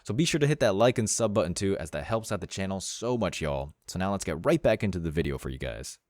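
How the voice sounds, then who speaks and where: A man's voice: low voice, animated, fast talker, darkish tone. A man hosting a commentary channel, reading scripted narration in a blunt, mocking way.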